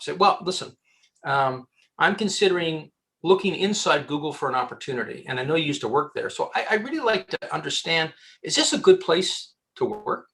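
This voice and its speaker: Man, headhunter, podcast guest, animated, joking, restarts sentences, fairly high pitch. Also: a little fast. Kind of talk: casual advice in a podcast interview.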